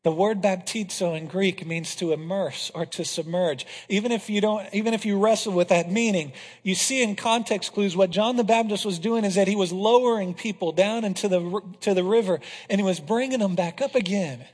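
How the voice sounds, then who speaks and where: A male pastor preaching a passionate sermon to his congregation, swinging from loud declarations to hushed, intense moments. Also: high-pitched, brisk, hardly any pauses. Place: church hall. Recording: reverberant hall.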